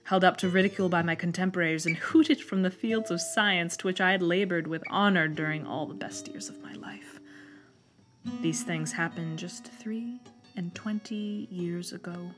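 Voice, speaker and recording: A woman's voice: on the low side, close to an everyday voice. A woman reading the lines of an embittered, eloquent old male scholar living as a recluse, in a storybook reading over guitar music. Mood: bitter. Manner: bitter, eloquent, measured.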